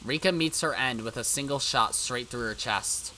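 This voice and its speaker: A man's voice: mid-range voice, moderate pace, few pauses, a loud crowd. A man reading a visual novel aloud, with brief side remarks of his own. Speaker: let's-play narrator. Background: game music.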